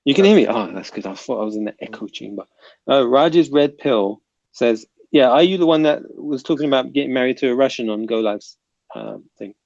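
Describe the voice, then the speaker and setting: Gravelly-voiced man hosting a livestream. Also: mid-range voice, fairly quick, a little mellow, no room sound, highs cut off. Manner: reads chat comments aloud and banters. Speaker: livestream panel host reading chat. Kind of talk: casual livestream chat.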